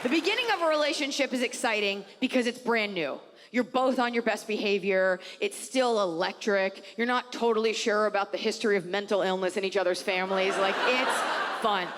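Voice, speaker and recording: A woman's voice: mid-range voice, fairly quick, fairly bright tone. Wry woman doing stand-up. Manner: wry, conversational storytelling. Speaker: stand-up comedian. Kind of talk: stand-up comedy. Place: large live comedy venue. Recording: hall reverb with crowd.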